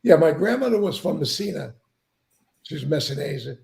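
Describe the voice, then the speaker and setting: A man's voice: a little high, sing-song, normal speed, a little mellow. A man hosting a casual chat, earnest and reflective, thanking his guests. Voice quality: gravelly. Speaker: host.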